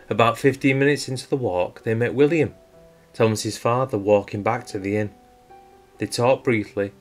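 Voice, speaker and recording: A man with a fairly low voice reads a true-crime story in a measured, suspenseful way. Soft guitar music plays quietly behind him. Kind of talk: scripted true-crime narration. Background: faint guitar music.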